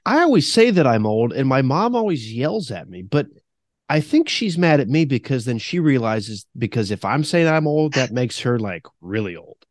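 A man's voice: mid-range voice, sing-song, moderate pace, dry recording, studio quality. A man in his thirties co-hosting a podcast, telling rambling stories in casual chat and laughing often. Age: 30s. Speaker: podcast co-host.

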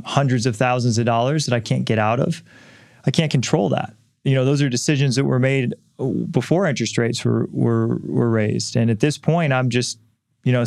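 A man's voice: medium pitch, creaky, darkish tone, dry recording, studio quality. A middle-aged man hosting a podcast, speaking candidly and earnestly in a personal reflective monologue, with frequent restarts. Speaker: podcast host and author.

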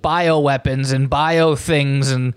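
A man's voice: medium pitch, steady tone, takes it slowly, clear, resonant tone. A man hosting a comedy show, delivering a profane, incredulous rant with frequent stumbles and restarts. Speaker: podcast host.

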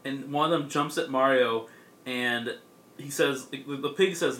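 Bright-voiced young man recapping casually. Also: medium pitch, a little slow. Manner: rambling, filler-heavy, laughs often. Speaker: podcast co-host. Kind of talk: casual chat, recapping a comic.

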